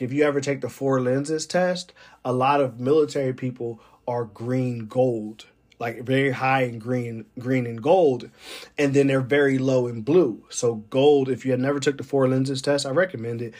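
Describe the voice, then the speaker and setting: A man's voice: medium pitch, darkish tone. Rambling man musing with wry laughs. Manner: rambling, digressive, many fillers. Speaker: military weather forecaster. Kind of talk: casual monologue.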